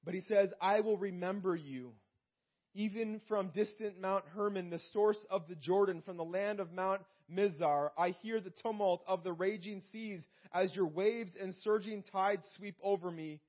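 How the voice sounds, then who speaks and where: A man with a high voice preaches in church, calling out to the congregation now and then. He slows down when he reads scripture aloud. The recording sounds dull and muffled, like a lo-fi church recording. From Canada. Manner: preaching with call-outs to the congregation. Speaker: pastor. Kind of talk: sermon.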